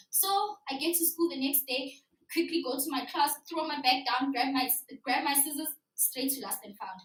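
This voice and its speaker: A woman's voice: high voice, lively intonation, moderate pace, a bit bright. A young woman from South Africa tells a personal story on stage, acting out her younger self and her teacher. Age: young adult. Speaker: student storyteller. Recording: echoey hall from far off.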